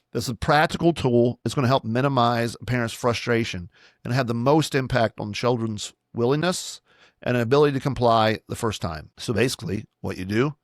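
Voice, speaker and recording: Male pastor hosting a solo podcast, mid-pitched, instructive, dry close sound. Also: dry recording. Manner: instructive, plain-spoken, repeats key points.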